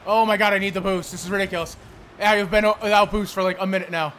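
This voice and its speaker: A young man commentating his own gameplay, frustrated, swearing and yelling at his teammates. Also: sits high, fairly even intonation, fast, a little hiss or hum. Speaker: gameplay streamer.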